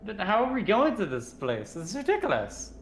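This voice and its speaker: A man's voice: high voice, huge pitch swings, brisk, a little hiss or hum. A man playing a tabletop game, asking question after question in a doubtful, incredulous way. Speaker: player. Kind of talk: tabletop game chat, in and out of character.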